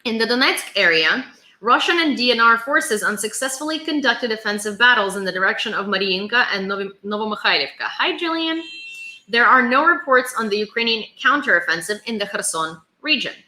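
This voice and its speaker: A woman's voice: fairly high pitch, lively intonation, a little fast, sharp tone, roomy sound. A woman vlogger reading daily war news updates from notes, stumbling now and then over place names.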